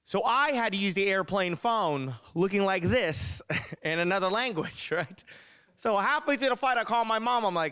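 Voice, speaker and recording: A young man doing a stand-up comedy set, telling animated stories with punchy delivery. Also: high voice, moderate pace, smooth, no echo. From United States.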